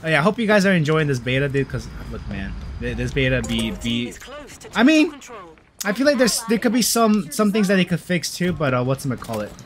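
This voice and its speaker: A young man giving casual, slangy gameplay commentary, swinging between mumbles and loud excited outbursts. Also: fairly high pitch, brisk. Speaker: gamer. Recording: game gunfire loud behind voice.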